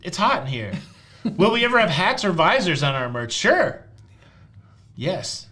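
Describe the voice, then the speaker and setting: A man with a Southern Tennessee accent hosting a live cruise chat show, answering viewer questions with a teasing, deadpan sense of humor. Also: fairly high pitch, normal speed. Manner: joking and teasing, deadpan jokes.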